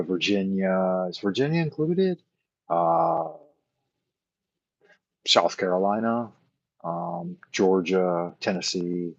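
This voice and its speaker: A livestream host with a low, husky voice answers viewers in a casual late-night chat, rambling as he thinks aloud and filling pauses with "uh." The audio is dry and dull, with a muffled lo-fi edge.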